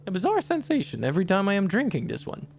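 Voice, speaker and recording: A streamer voicing a gentle old male tea-shop worker in a game, with formal, oddly phrased speech. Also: mid-range voice, wildly swooping pitch, fast talker, vocal fry, slight background noise. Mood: musing. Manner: formal, odd phrasing, refers to himself by name.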